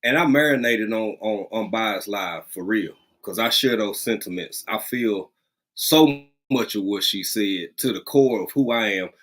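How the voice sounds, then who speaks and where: Animated man hosting a livestream. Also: fairly low pitch, a little slow. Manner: animated, greets viewers by name, drawls and repeats phrases. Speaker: livestream host. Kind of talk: casual livestream chat with viewers. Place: rural home.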